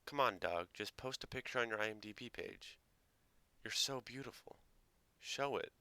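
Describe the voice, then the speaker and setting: A man's voice: fairly low pitch, moderate pace, pushed and bright, clear, resonant tone, no room sound. A man hosting a casual reaction video, sarcastic and swearing, mocking what he quotes.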